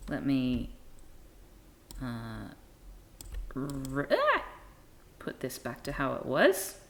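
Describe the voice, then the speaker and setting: Low-voiced wry woman streamer. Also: huge pitch swings, very slow, a little hiss or hum. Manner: wry, amused, self-deprecating asides. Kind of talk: live-stream comic reading.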